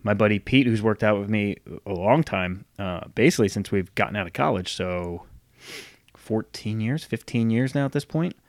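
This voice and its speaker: Guy in his 30s chatting about lifting goals, lowish voice, dry room, acts out his buddies. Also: moderate pace, no room sound. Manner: conversational, acts out quoted friends. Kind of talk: casual motivational talk.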